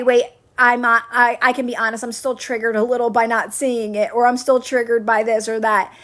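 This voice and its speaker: A woman's voice: on the high side, a bit bright. A woman coaching viewers on a livestream, chatting casually, answering comments and repeating her phrases to reassure. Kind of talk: casual live-stream chat answering comments.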